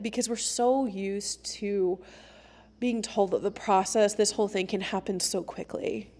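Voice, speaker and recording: Young adult woman, podcast host, casual solo talk, chatty, laughs often, mid pitch. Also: animated, measured pace, a little mellow. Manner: chatty, laughs often, acts out quoted lines in a higher voice.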